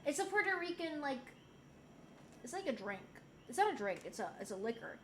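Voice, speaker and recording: A woman's voice: sits high, big pitch swings, fairly quick, a bit bright, a little hiss or hum. A young adult woman streamer chatting casually and reading chat aloud. She swears freely, laughs often, and has a slightly sore throat.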